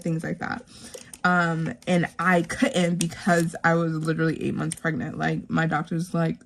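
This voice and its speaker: A woman in her thirties talks through her savings envelopes slowly, pausing often with fillers. Her voice sits a little low and has a gravelly fry. A faint hiss runs under the recording. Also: completely flat delivery. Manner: rambling, heartfelt, frequent fillers, whispered counting. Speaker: savings vlogger. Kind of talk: casual chat while stuffing savings envelopes.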